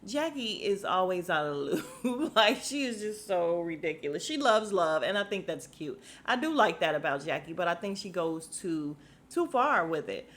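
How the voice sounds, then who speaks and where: A woman's voice: lowish voice, big pitch swings, normal speed, a bit bright. A woman hosting a podcast at home, recapping a reality show in a chatty, sassy way and laughing often. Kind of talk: casual chat.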